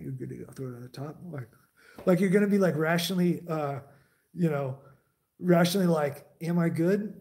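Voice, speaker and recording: A young man tells a long story in loose casual chat, swearing freely and stumbling through restarts. His voice sits slightly on the high side. When he quotes other people he drops low and quiet. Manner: rambling, profane, many fillers and restarts. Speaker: streamer telling a war story.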